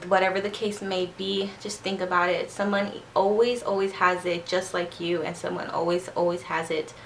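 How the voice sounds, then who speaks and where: A woman vlogger whose first language is Spanish talks to camera in a rambling, chatty way, slurring her words a little when she speaks fast. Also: on the low side, level tone, vocal fry, a little hiss or hum. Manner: chatty, rambling, repeats herself. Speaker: beauty vlogger. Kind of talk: casual chat to camera.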